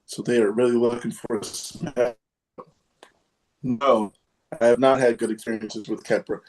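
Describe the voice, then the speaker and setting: A man hosting a casual group chat, halting and full of fillers, with a sarcastic streak. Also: medium pitch, flat delivery, darkish tone. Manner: halting, many fillers, self-described sarcastic. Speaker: podcast host.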